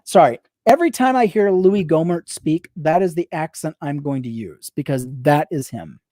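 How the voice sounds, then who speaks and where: A woman reading a book aloud on a livestream, rapid-fire, breaking off for sarcastic asides to her viewers. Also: low-pitched, dark tone, dry recording, clean studio sound. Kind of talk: reading aloud with live commentary.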